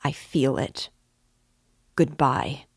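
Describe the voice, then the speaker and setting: A woman voicing a brooding, feverish young man who speaks slowly and gravely. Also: a bass voice, animated, no echo, studio quality, exaggerated voice.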